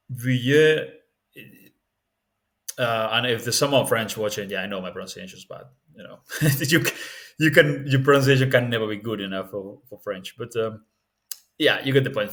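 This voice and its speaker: A man's voice: mid-range voice, a bit bright. A man giving a casual spoken tutorial on learning languages, candid and rambling, often restarting his sentences.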